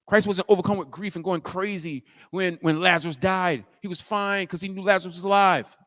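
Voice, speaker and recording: A man preaching a sermon as pastor, telling the story in animated fashion, acting out the scene and rising to shouts. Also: sits high, a little fast, big-room sound.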